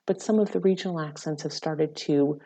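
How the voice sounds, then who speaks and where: A woman psychology researcher giving measured, explanatory answers in an interview, with frequent ums. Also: low-pitched, warm tone.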